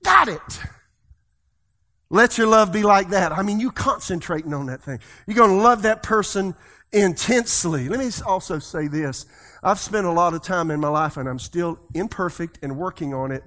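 A pastor preaching a sermon, leading the congregation in call-and-response and swinging his voice between loud and soft. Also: fairly high pitch.

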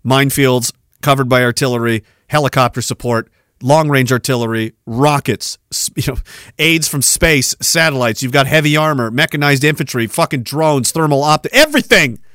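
A man's voice: medium pitch, moderate pace, a bit bright, dry recording, studio quality. A man hosting a podcast, ranting in a sarcastic, profane way. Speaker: podcast host. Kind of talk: political rant podcast.

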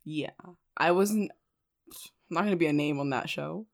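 A woman in her twenties in casual chat, telling an animated story peppered with "like" and swearing. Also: deep voice, normal speed, creaky. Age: 20s.

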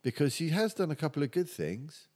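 A man's voice: on the high side, very animated, brisk, a little mellow. A man in casual chat about TV, easygoing and telling anecdotes.

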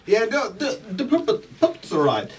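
A man's voice: high voice, huge pitch swings, normal speed, distant mic, slight background noise. A man with a New Zealand accent playing a tabletop game, stammering and joking. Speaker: player. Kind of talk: casual chat.

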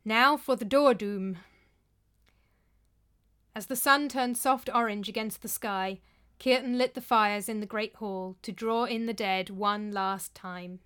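A woman reading a story aloud in a measured, even narrating voice. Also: medium pitch, smooth. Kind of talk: audiobook narration.

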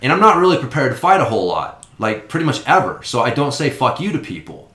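A man's voice: mid-range voice, big pitch swings, fast talker, bright, forceful tone. A man, a father, chatting casually and swearing freely, acting out quoted exchanges. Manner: profane, acts out quoted exchanges. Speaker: father of young kids. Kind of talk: casual chat. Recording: roomy echo.

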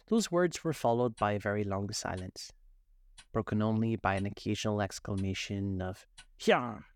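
A man reading a classic storybook aloud as narrator, in a calm, measured way. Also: on the low side, clean tone.

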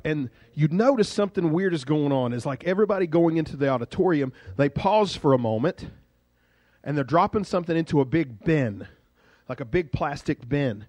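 A male pastor preaching a sermon in a lively, conversational storytelling way. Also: fairly high pitch, dry recording.

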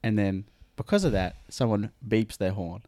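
A man co-hosting a podcast in casual, playful chat, quick to laugh. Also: lowish voice, warm tone, no echo, clean studio sound. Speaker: podcast co-host.

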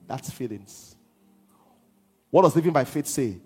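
A man preaching a sermon as pastor, swinging from hushed lines to half-sung shouts. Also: medium pitch, lively intonation, measured pace, breathy edge.

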